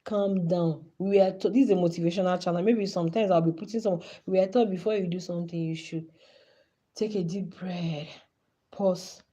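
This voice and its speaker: A woman's voice: lowish voice, fairly even intonation, normal speed, mellow, rough recording. A woman in her thirties with a Nigerian accent, hosting a live stream and giving passionate, pleading commentary. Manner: impassioned, pleading.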